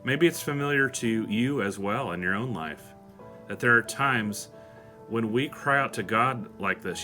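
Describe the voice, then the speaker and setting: A man's voice: mid-range voice, normal speed, bright, forceful tone, soft background music. A man hosting a devotional show, speaking earnestly and with emotion. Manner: earnest, emotional, reads song lyrics aloud. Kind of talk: devotional talk.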